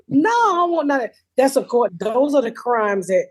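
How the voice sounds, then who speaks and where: Loud, profane woman in her fifties, high-voiced. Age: 50s. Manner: loud, profane, animated storytelling. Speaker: comedian podcast host. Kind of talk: casual podcast chat. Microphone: remote call with a patchy connection.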